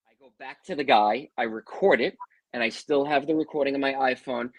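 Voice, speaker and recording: A middle-aged man talks at an ordinary pitch and tells his stories in a loose, chatty way. He sounds animated and drops in "bro" and "man". The recording is dry and close, with no room sound. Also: a little fast, no room sound, low-quality recording. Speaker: interview guest, psychic medium. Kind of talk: casual storytelling.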